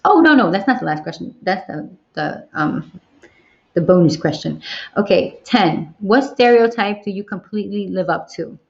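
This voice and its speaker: A woman's voice: mid-range voice, lively intonation, normal speed, vocal fry, darkish tone. A woman hosting a casual livestream Q&A, talking candidly and swearing freely. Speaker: livestream host. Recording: dull lo-fi livestream audio.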